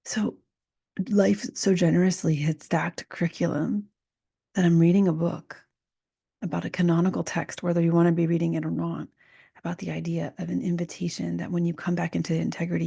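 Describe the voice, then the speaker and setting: Woman host, warm low tone, flat delivery, soft half-whispered reflective monologue. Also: a little fast, creaky, slightly rough, dry recording, clean studio sound. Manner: soft, often half-whispered, musing with restarts. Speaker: podcast host. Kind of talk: reflective solo podcast talk.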